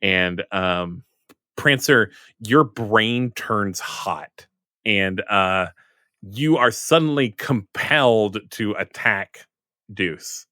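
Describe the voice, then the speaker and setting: A man's voice: fairly low pitch, drawn-out words, sharp tone, dry recording, clean studio sound. A man narrating a tabletop role-playing game as game master, rambling with fillers.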